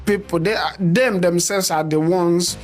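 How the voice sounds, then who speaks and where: Nigerian male host, fast and argumentative, a little high, faint music behind. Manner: animated, argumentative, fast-talking. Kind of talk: casual political discussion.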